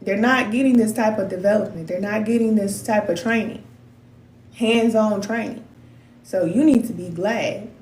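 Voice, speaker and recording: A woman's voice: medium pitch, moderate pace, darkish tone, a little hiss or hum. A middle-aged woman giving spiritual advice to her viewers in a candid, emotional, slangy way. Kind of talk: casual heartfelt talk to viewers. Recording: roomy echoey sound.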